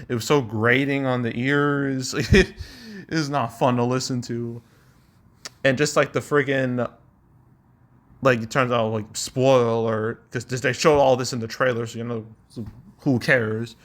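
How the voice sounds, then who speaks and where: A young man hosts a casual show, reading audience reviews aloud in an everyday mid-pitched voice. He rambles and hums while searching, often chuckling between comments. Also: a bit bright. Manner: rambling, chuckling, filler-heavy. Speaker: host.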